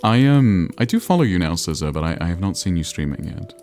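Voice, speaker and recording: A man's voice: low-pitched, very animated, brisk, a little mellow, faint music behind. A man livestreaming, chatting casually and self-deprecatingly with his viewers as he plays a geography game. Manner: rambling, self-deprecating, answering chat messages.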